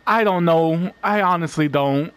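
A man streaming a game, chatting excitedly and reading the game's story text aloud in a dramatic voice. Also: a little high, a little slow, smooth. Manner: excitable, swears, reads dramatically with slips. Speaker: gameplay streamer. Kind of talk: casual let's-play commentary and reading game text aloud. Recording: game music playing underneath.

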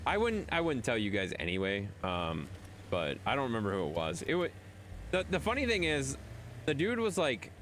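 A man's voice: mid-range voice, huge pitch swings, normal speed, a bit bright, a little hiss or hum. A man chatting casually on his live stream, talking to viewers in a teasing, rambling way. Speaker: livestreamer.

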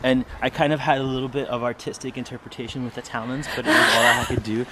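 A man out in the snow, talking in a jokey, mock-serious way as if he were an art critic. His voice sits at a middle pitch. Steady noise runs under the outdoor recording. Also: fast. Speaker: vlog guest. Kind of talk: casual outdoor chat.

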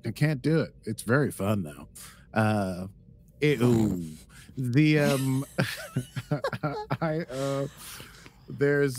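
A man's voice: medium pitch, a little mellow. A man co-hosting a podcast in casual chat, rambling and playful, with lots of fillers. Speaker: podcast co-host.

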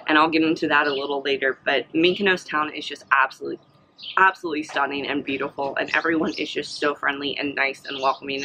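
A woman's voice: sits low, bright, forceful tone, slight background noise, poor audio. A young woman vlogger giving a casual, rambling travel recap, full of fillers and restarts, with the hiccups. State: has the hiccups.

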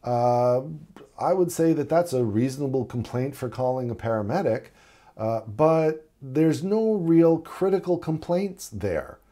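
A middle-aged man gives a paramedic lesson in a mellow, warm voice of middling pitch. He talks conversationally and acts out brief exchanges with patients. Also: lively intonation, measured pace. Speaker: paramedic instructor. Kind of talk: recorded teaching presentation.

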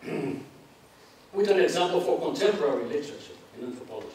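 A man giving a measured academic lecture in anthropology, reading quotations aloud and adding spoken asides. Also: fairly high pitch, animated, darkish tone. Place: large lecture hall. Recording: very echoey hall, distant mic, faint hiss.

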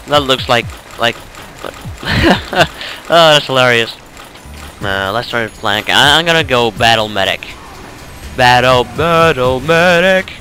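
Man from norway, tired, rambling game commentary, very slow, game music under it. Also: medium pitch, lively intonation, sharp tone. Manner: rambling, self-correcting, chuckling. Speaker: let's play gamer. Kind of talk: casual gameplay commentary.

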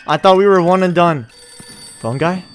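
A young gamer with a high-pitched voice plays a horror game at a moderate pace. He's jumpy, swearing loudly, yelping, and laughing nervously as things unfold.

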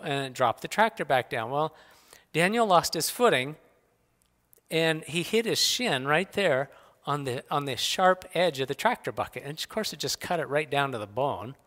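A middle-aged man speaking at church, telling personal stories in a folksy, animated way. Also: on the high side, normal speed. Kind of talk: personal storytelling talk. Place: church sanctuary. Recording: long hall reverb.

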